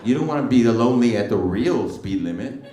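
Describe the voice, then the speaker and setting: A man's voice: mid-range voice, expressive, a little fast, background noise. A middle-aged male stand-up comedian doing brash, teasing crowd work with plenty of slang. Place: comedy club stage. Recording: roomy club sound from a distance. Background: audience laughter.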